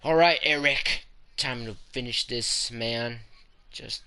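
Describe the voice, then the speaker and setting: A man giving casual commentary while playing a game, muttering and reacting aloud, often hushed. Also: medium pitch, slow pace, pauses often, slight background noise. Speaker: gamer.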